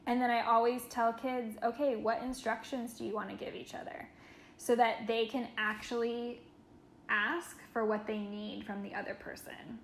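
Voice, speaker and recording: A woman's voice: a little high, level tone, normal speed, a little hiss or hum. Earnest woman in an echoey room. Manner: earnest, reflective, says "like" often. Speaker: caregiver. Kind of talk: training talk.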